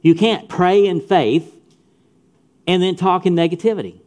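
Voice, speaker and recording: A man's voice: sits high, unhurried, darkish tone. A middle-aged man preaching a sermon to young people, emphatic, repeating phrases and speaking straight to his listeners. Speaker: pastor. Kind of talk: sermon to youth.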